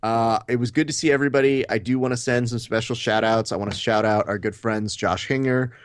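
A man co-hosting a podcast, telling animated stories and swearing casually. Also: mid-range voice, a little fast, no echo. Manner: animated storyteller, acts out quotes, swears. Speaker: podcast co-host.

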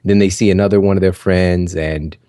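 A man with a very low, deep voice talks to his listeners as a podcast host. He gives encouraging advice in a loose, chatty way, full of fillers. The sound is dry and close, with no room echo. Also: fairly even intonation, fairly quick, mellow. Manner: conversational, full of "you know" and "like" fillers; encouraging, addresses listeners directly. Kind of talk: casual motivational talk.

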